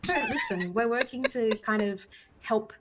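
A woman's voice: fairly high pitch, big pitch swings, noisy background. A woman improvising a pushy shop clerk in a game role-play, pressing a customer for bigger donations. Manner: pushy, fast-talking salesy persuasion.

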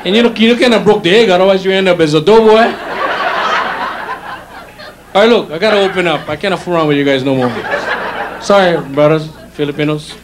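A man's voice: high voice, fast talker, pauses often. A middle-aged man with a Hawaiian Pidgin accent, doing teasing stand-up comedy and chatting directly with audience members. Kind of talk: stand-up comedy with crowd work. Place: hotel showroom stage before a live audience. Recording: live show with crowd laughter and noise.

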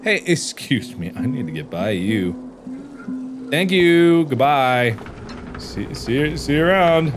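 A man commentating a horror game, excitable and jumpy, with loud reactions and swearing. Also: mid-range voice, unhurried. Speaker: gaming host. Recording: game music in background.

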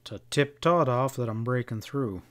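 A man reading an audiobook, voicing a gruff, impatient cowboy who speaks in short, growled lines. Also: medium pitch, moderate pace, natural voice.

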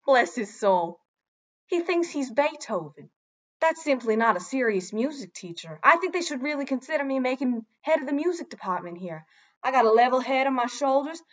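A woman's voice: high voice, fairly bright tone. A young woman playing a self-important, fussy teacher of the triangle in an improvised mockumentary, lecturing with earnest pomposity. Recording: dull lo-fi recording.

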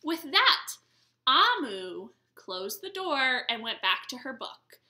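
An American woman librarian in her young adult years reading a story at baby storytime, sing-song and animated. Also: high voice, takes it slowly. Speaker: children's librarian. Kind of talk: baby storytime read-aloud.

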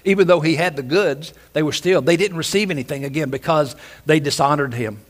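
Animated preaching man. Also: on the high side, fairly quick. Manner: animated preaching, acts out shouted quotes, repeats phrases. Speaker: pastor. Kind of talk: sermon. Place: church sanctuary.

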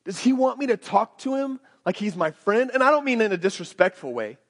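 A man's voice: sits high, expressive, a little fast. A man preaching a sermon in a conversational way, often repeating and restarting his words. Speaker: pastor. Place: church sanctuary. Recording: church hall with long reverb.

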